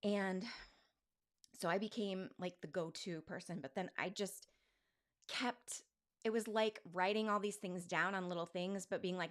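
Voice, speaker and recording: A woman's voice: medium pitch, normal speed, a bit bright. A woman in her forties, a podcast host, talking candidly in a rambling, self-questioning way with many fillers. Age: 40s. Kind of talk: candid personal monologue.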